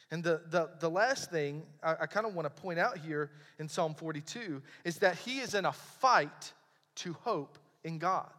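A man preaching a sermon, reading scripture and explaining it in an earnest, emphatic way with dramatic pauses. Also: on the high side, pushed and bright. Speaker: pastor. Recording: long hall reverb.

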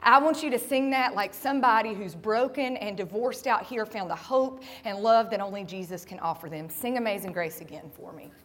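A woman's voice: medium pitch, fairly quick, few pauses, long reverb tail. A woman pastor preaching a sermon in a church, asking her listeners direct questions and building to impassioned cries. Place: church sanctuary.

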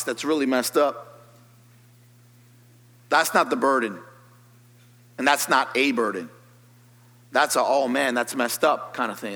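Fervent preaching man in a reverberant hall. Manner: preaching, climbs high and loud when fervent. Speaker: pastor. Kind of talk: sermon.

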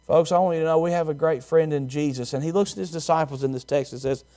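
Emphatic preacher man, slightly high voice. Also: quick pace, mellow. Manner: emphatic, repeats key words, tells a personal story. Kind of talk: sermon.

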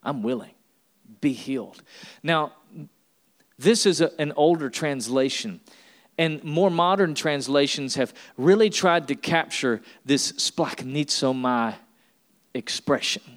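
Male pastor, sermon delivery, emphatic and rousing, voice sits a little high. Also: takes it slowly. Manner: emphatic, rising to a preaching pitch with repeated refrains.

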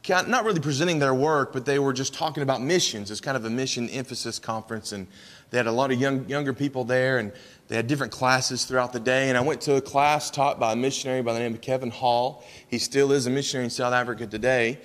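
A man's voice: medium pitch, fairly even intonation, fast, fairly bright tone, long reverb tail. A young man with an East Tennessee accent, speaking as a missionary in a church and telling stories in a folksy way, with frequent restarts. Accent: East Tennessee Southern. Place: church sanctuary.

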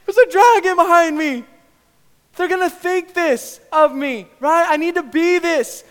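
Male preacher doing a scared, frantic son, high-pitched and shouting, in a reverberant church. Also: unhurried. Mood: panicked. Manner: frantic, pleading. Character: terrified young son pleading with his father.

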